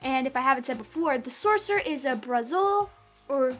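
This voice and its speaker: A woman in casual group chat, excitable and gushing as she shares something she found. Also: sits high, fairly quick, faint music behind.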